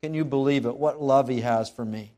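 A man voicing the apostle Peter as a humbled, remorseful grown man, speaking softly and in a subdued way. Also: medium pitch, a little fast, soft background music, close to an everyday voice. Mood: grateful. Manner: soft, hushed and subdued.

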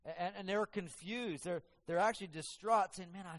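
A male preacher delivering a sermon in an earnest, halting way, often stumbling and restarting. His voice sits a little higher than most men's. It carries a long reverb through a church hall. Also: a bit bright.

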